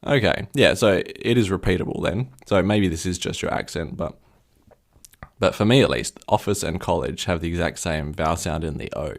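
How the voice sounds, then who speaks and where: A man co-hosting a podcast in easy casual chat. His voice sits very low with a gravelly fry. He is curious and analytical, probing with questions. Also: normal speed. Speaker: podcast co-host.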